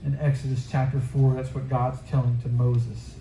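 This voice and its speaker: Male youth pastor, casual earnest sermon delivery, warm mellow tone, roomy echo. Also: medium pitch, flat delivery, normal speed, a little hiss or hum. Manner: earnest, conversational storytelling.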